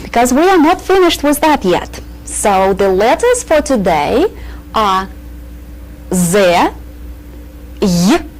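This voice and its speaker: Slow, patient woman teaching a language. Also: fairly high pitch, a little mellow, low-quality recording. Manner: patient, repeats words clearly for learners. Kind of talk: slow, deliberate language lesson.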